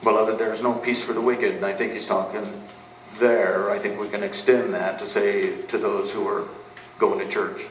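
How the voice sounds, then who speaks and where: A pastor preaches a sermon in a lowish voice, with flat delivery at normal speed, emphatically asking questions and answering them himself. The mic sits at a distance in an echoey room with faint background noise.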